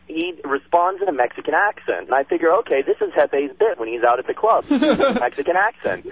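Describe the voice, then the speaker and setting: A man calling in to a radio show, telling a story in an easy, conversational way. His voice sits a little high, and the sound is dull and lo-fi. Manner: chatty, relaxed anecdote. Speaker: caller. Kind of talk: casual storytelling on air.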